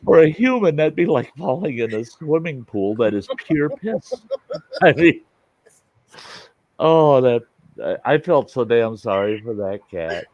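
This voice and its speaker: A man's voice: mid-range voice, sing-song, unhurried, dry recording, highs cut off. A man hosting a show, telling a folksy campfire story in casual talk and chuckling through it. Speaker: storyteller host.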